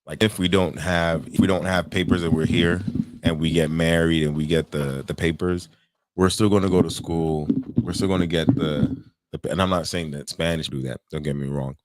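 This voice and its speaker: A man co-hosting a podcast in casual chat, telling stories with lively acted-out quotes and loose swearing. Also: low-pitched, moderate pace, dry recording. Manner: animated storytelling, acts out quoted voices, swears freely. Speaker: podcast co-host.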